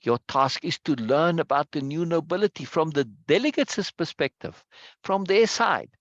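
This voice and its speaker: A man reading the lines of a deliberate, formal woman leader in a slow, measured way. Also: a little high, lively intonation, a bit bright, dry recording, highs cut off, pitched above the performer's own voice.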